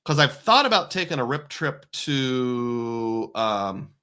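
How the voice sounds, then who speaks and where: Male livestream host, bright forceful tone, casual chat reading comments and thanking donors. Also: mid-range voice, very animated, slow pace, smooth. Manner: reads viewer comments and thanks donors, chuckling often. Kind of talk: casual live-stream chat.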